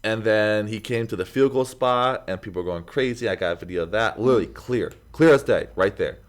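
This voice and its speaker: Easygoing young man, lowish voice. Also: brisk. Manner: animated storyteller, acts out crowd voices, laughs often. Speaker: podcast co-host. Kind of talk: casual chat.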